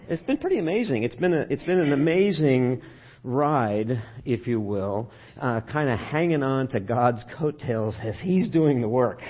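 Husky pastor preaching conversationally. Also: male voice, mid-range voice, highs cut off. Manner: conversational, asks the congregation questions. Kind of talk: sermon. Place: church sanctuary.

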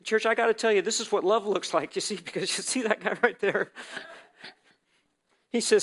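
Bright-voiced man telling a story from the pulpit. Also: sits high, moderate pace, long pauses. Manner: storytelling that acts out quoted dialogue; swings between quiet reflection and loud emphatic bursts. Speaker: church speaker sharing a testimony. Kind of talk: sermon testimony to a congregation. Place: church service.

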